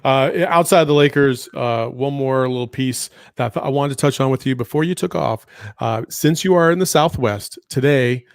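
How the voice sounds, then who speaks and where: A man hosts a podcast at a relaxed, easy pace, ribbing his guests and filling gaps with "uh" and "um." His voice sits in a middle register. The sound is dry and close. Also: mid-range voice, normal speed, creaky, dry recording. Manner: teasing, laid-back, frequent fillers. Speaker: podcast host. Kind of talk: casual sports chat.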